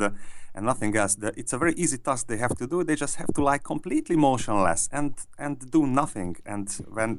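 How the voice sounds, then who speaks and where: A man, a researcher guest in an interview, explaining his findings thoughtfully with frequent restarts and repeated words. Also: lowish voice.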